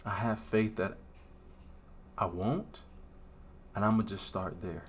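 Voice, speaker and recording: A young man giving an earnest, emotional, halting confessional talk in a vlog. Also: lowish voice, steady tone, slight background noise. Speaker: faith vlogger.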